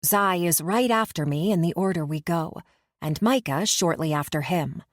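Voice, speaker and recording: Audiobook narrator: woman, lower register, measured first-person reading, dry booth. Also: dry recording.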